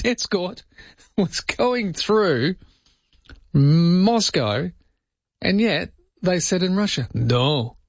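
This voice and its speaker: A man's voice: on the high side, breathy edge, dry recording. A man hosting overnight talk radio, joking and sounding incredulous as he goes through the news. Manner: jokey, mock-incredulous, puts on comic accents. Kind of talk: casual talk radio banter. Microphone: studio microphone, dry. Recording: muffled broadcast audio.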